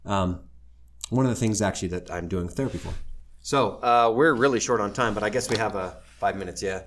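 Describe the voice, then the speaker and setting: Briskly and in a fairly low pitch, with a little hiss or hum on the audio, a middle-aged man shares his life story before a live audience. He's candid, mocks himself wryly, and turns animated when quoting others.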